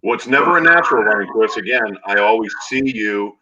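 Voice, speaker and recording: A man hosting a podcast, joking and teasing in quick bursts. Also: lowish voice, lively intonation, sharp tone, slightly rough, highs cut off. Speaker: podcast host. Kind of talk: casual podcast chat.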